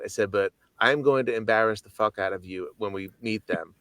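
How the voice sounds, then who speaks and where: A man, a guest musician, telling stories in a casual chat in an animated way, swearing freely. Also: fairly low pitch, fairly quick, no echo.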